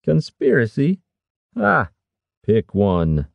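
Sly conspiratorial older lord, a man reading, raised a bit from a deep gravelly base. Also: expressive, measured pace, dry recording, dull audio. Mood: wry. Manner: scoffing, wry, conspiratorial. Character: sly scheming older male lord, amused.

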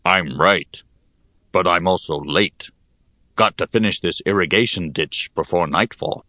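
A man voicing a burly middle-aged male laborer who speaks calmly, slowly and plainly. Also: deep voice, no room sound, studio quality. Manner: calm, slow and plain-spoken. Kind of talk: audiobook character voice.

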